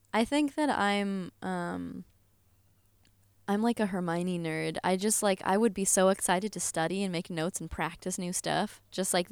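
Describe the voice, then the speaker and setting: Smooth, low-voiced young woman. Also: no echo. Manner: chatty, full of "like" fillers, swears and laughs easily. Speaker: podcast guest. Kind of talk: casual chat.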